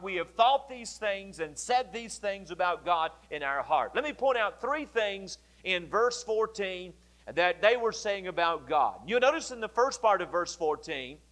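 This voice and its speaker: A male pastor preaching a sermon, explaining scripture in a deliberate way and repeating key phrases. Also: high-pitched, a bit bright.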